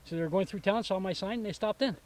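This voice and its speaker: An older man chatting outdoors about his garden and land, his voice sitting high for a man. He tells stories in a homespun, rambling way, stopping and restarting often, as if talking to a camera mic on a walk. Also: darkish tone, rough recording. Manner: folksy storyteller, halting with fillers. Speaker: vegetable stand owner. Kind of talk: casual chat on a walking tour. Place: outdoors at a rural home.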